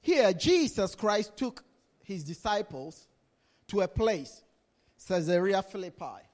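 A man preaching a sermon to his congregation, slow and deliberate, often laughing as he leads them. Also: high-pitched, very animated, darkish tone.

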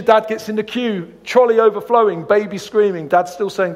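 This guest preacher has a high voice and a moderate pace, and his sermon echoes through a large hall. Between scriptural points he tells funny stories, full of jokes and animated asides.

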